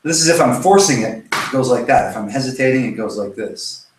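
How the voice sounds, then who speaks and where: A man's voice: medium pitch, animated, brisk. A man coaching a self-help workshop, talking loosely and swearing freely as he demonstrates exercises to camera. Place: indoor room. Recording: roomy echo, faint noise.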